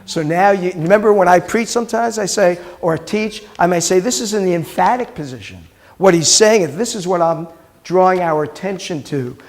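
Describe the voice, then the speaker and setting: This is a man's high, animated voice moving at a moderate pace. He's a middle-aged rabbi leading a Hebrew lesson, patiently saying words again and again as he quizzes the class with questions.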